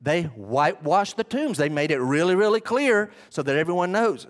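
Guy pastor preaching, kinda high voice, chatty with big emphatic bits. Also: lively intonation, normal speed, hardly any pauses. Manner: conversational, emphatic preaching with sudden bursts and asides. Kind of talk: sermon.

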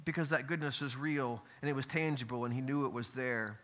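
A man's voice: mid-range voice, steady tone, brisk, a bit bright. A middle-aged man, a pastor, preaching a conversational sermon in a church, with asides and rhetorical questions. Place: church sanctuary.

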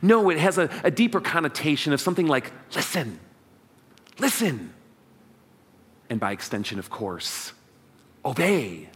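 A man's voice: a little high, animated, fairly quick, fairly bright tone. A man preaching a sermon as pastor, leading the congregation in call and response. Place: church sanctuary.

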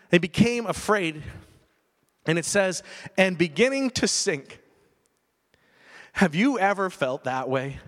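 A man's voice: high voice, a bit bright. A man preaching a sermon, telling a story with emphasis and putting direct questions to his listeners. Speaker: pastor. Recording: long reverb of a large hall.

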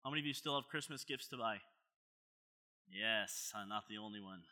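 Bright, forceful male pastor preaching. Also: lowish voice, a little fast. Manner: conversational and playful, asking the congregation questions. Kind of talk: sermon. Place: church service before a congregation.

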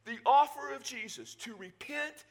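A male pastor preaching a sermon in a conversational, animated way, with joking asides to the congregation. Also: extremely high pitch, moderate pace. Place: church.

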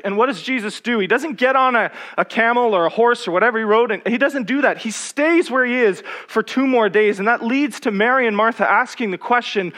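A man preaching a sermon, reading scripture slowly and then pressing personal questions with rising intensity. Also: high-pitched, fairly bright tone.

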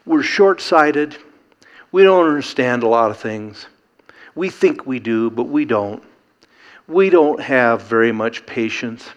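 A man's voice: mid-range voice, animated, takes it slowly, muffled recording. A middle-aged man preaching a sermon, earnest and emphatic, building to rhetorical questions.

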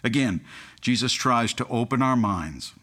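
A man's voice: mid-range voice, expressive, a little slow, sharp tone. A man preaching a sermon, telling humorous anecdotes and chuckling at his own stories. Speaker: pastor.

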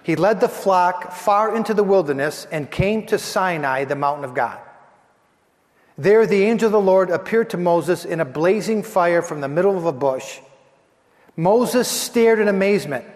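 A man's voice: high voice, animated, normal speed, long reverb tail. A man preaching as pastor, telling scripture in a conversational, emphatic way. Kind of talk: sermon.

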